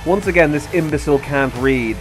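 A man's voice: fairly high pitch, a little fast, soft background music. A man hosting a commentary video, ranting heatedly and sarcastically with constant swearing. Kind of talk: angry rant commentary.

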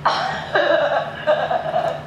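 A woman bantering and teasing a friend in profane, casual chat. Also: drawn-out words. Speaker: vlogger in the clip. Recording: very echoey, noisy room.

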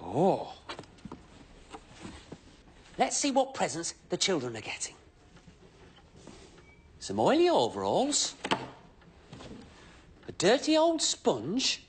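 A cheerful, eager-to-please station helper, chattering to himself as he potters about. His voice leaps around with lively, sing-song ups and downs. He stays very polite and scripted, in the manner of children's television. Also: sits high, slow pace, long pauses, a little hiss or hum, full character voice. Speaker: children's show presenter.

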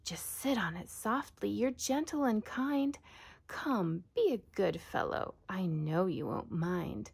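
A woman's voice: mid-range voice, expressive, slow pace, creaky, slightly rough, heavily acted. A woman voicing a lazy, flighty female bird in a storybook reading, sweet-talking and coaxing.

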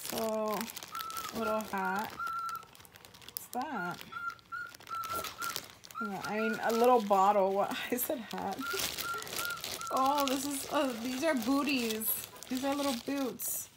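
A woman's voice: on the high side, fairly even intonation, takes it slowly, pauses often, noisy background. A woman vlogger in casual unboxing chat at home, gushing and exclaiming often, trailing off mid-sentence. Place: home with a pet bird.

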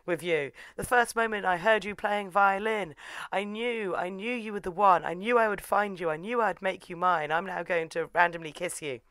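A woman's voice: medium pitch, moderate pace, a bit bright, no room sound, close to an everyday voice. A woman voicing a pushy, obsessive young male violinist in a melodramatic, insistent way. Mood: possessive.

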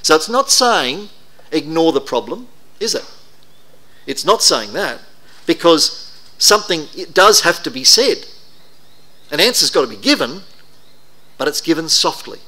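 Middle-aged man preaching, bright voice, chatty storytelling style. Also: a little high, big pitch swings, a little slow, pauses often. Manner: conversational, anecdotal, self-deprecating. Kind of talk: sermon talk.

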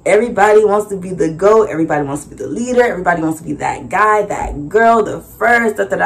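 Lively young woman telling a vendor story. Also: fast talker, gravelly, few pauses. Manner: animated, acts out dialogue with big pitch jumps and laughs. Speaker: vlogger and small business owner. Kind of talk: casual storytelling recap.

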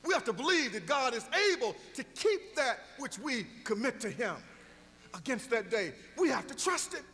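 High, lively storytelling preacher man. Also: normal speed, big-room sound. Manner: storytelling preacher, rising to emphatic exhortation. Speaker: pastor. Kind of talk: sermon.

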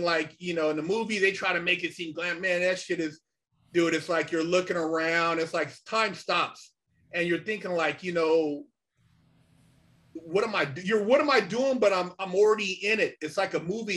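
High-voiced man telling a street story. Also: steady tone, fairly quick, sharp tone. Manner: slangy, loose, full of "man" and "you know". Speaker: podcast guest. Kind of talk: casual storytelling.

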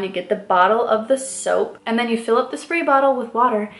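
A woman's voice: on the high side, lively intonation, normal speed, fairly bright tone. A woman in her thirties from the American Midwest, chatting casually to camera as a lifestyle vlogger in an upbeat way, with lots of "like" fillers. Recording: roomy echo with faint music.

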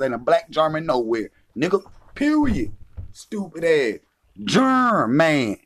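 A man delivering a heated, profane, taunting rant as a vlogger. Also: on the high side. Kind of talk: confrontational rant.

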